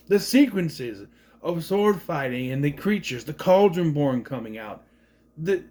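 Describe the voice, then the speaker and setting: A man in his thirties giving a rambling, sarcastic review of an animated film in a casual monologue. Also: on the high side. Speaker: movie reviewer.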